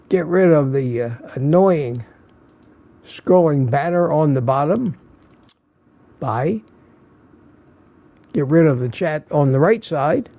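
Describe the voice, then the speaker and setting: The livestream host is an older man, tired and slightly slurring, who greets his viewers one by one in a casual stream. He has a mellow, gravelly voice, pitched a little high for a man, and chuckles often between names.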